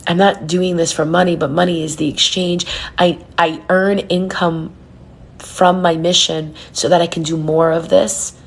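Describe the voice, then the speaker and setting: A spiritual reader and numerologist speaks to her followers on a live stream in a gravelly, low, level-toned voice. She's earnest and heartfelt, at times talking softly and slowly.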